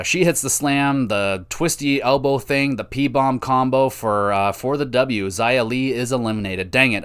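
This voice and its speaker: A man's voice: medium pitch, a bit bright, smooth. A man talks through a wrestling recap on his own podcast in a loose, chatty way. He swears freely, cheers on the wrestlers he likes and keeps the play-by-play casual.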